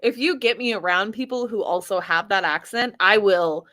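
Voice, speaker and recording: A woman co-hosting a casual podcast chat, teasing her co-host with quick comebacks and lots of laughter. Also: medium pitch, pushed and bright. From US Midwest, grew up with a rural accent.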